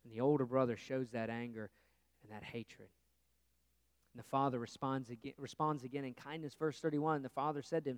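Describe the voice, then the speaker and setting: A man's voice: medium pitch, fairly even intonation, brisk, clear, resonant tone, no room sound. Earnest man preaching a sermon. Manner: earnest, rising to emphatic peaks, dropping to hushed asides. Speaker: pastor.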